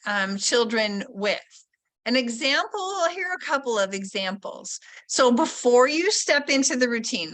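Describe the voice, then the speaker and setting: A woman's voice: a little high, sharp tone. A woman leading a teacher training session, explaining a spelling routine and modeling classroom questions. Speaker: literacy trainer. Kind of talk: professional development webinar.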